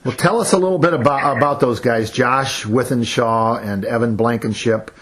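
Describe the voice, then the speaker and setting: A man's voice: medium pitch, normal speed, fairly bright tone, a little hiss or hum. A male host in a casual interview, asking rambling, hesitant questions full of fillers.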